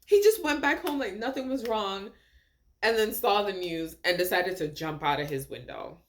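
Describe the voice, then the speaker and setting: A woman hosting a casual reaction video, talking in an animated, incredulous way with frequent laughter and rhetorical questions. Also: mid-range voice, moderate pace.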